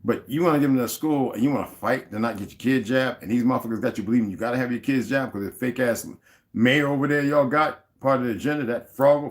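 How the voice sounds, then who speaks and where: A man hosting a livestream, ranting in a heated, profane way and greeting viewers from the chat. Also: mid-range voice. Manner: greets viewers and reads their chat comments aloud. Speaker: livestream host. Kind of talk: unscripted livestream rant.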